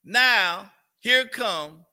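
A man preaching at a fairly high pitch, his voice bright and gravelly. He talks emphatically and keeps throwing rhetorical questions to the congregation. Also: expressive, drawn-out words. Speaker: pastor. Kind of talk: sermon.

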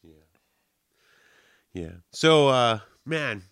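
A man's voice: mid-range voice, expressive, drawn-out words, fairly bright tone, smooth. Joking young man on a podcast. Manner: loose, joking, says "man" and "bro" a lot. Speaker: podcast co-host. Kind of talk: casual chat.

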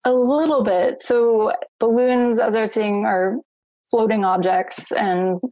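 A young woman, a researcher and podcast guest, explaining her study in a measured, patient way. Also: fairly high pitch, fairly even intonation, warm tone, dry recording, highs cut off. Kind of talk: casual podcast interview.

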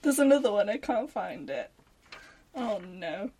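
A woman in a casual book chat, giggly and quick with dry quips. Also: medium pitch, very animated, dark tone, slightly rough. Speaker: book club podcast co-host.

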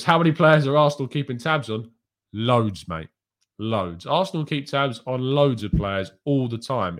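A man hosting a live fan stream from a small home room, reading chat questions aloud and answering in a candid, chatty way with frequent ums and asides. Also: mid-range voice.

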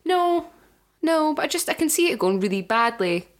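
A woman's voice: sits high, very animated, normal speed. A woman co-hosting a podcast, trading teasing, self-mocking banter in casual chat. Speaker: podcast co-host.

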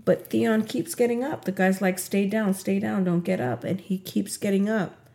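A woman casually recapping a TV episode, retelling scenes in an animated way and acting out what the characters say. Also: medium pitch, normal speed, creaky. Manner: animated retelling, acts out quotes.

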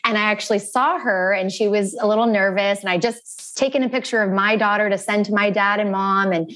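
A woman's voice: mid-range voice, fairly quick. Earnest woman telling a painful story. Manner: earnest and animated, acting out quoted phone calls. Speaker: interview guest. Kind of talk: emotional personal storytelling.

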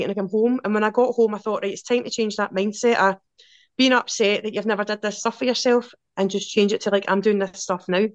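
A Glaswegian woman in her forties, a podcast guest telling casual, lively stories in quick run-on anecdotes. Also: mid-range voice, dry recording, highs cut off. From Scotland. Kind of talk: casual storytelling.

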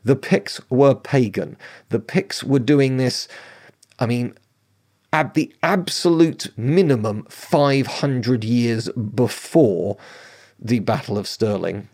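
This is a man talking through history in a relaxed, conversational way. His voice sits at an ordinary middle pitch, and he leans on emphatic points. He keeps stopping to check in with the listener and throw in quick asides. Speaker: history commentator. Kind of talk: casual history commentary.

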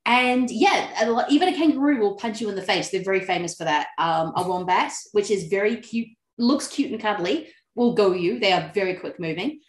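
A woman's voice: mid-range voice, expressive, brisk, few pauses. Giggly New woman in a roomy room. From New Zealand. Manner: giggly and chatty, laughs often. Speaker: podcast guest. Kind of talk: casual interview chat. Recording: roomy echo.

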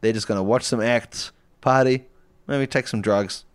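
A man co-hosting a comedy podcast rambles through a film plot, laughing into his own sentences and restarting often. His mid-range voice is clear and resonant, with fairly even intonation and a normal pace.

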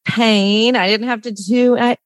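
A woman's voice: fairly high pitch, fairly even intonation, a little slow, no echo, clean studio sound. A woman in her fifties hosting a casual chat, telling stories with gushing enthusiasm. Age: 50s. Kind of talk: casual conversation.

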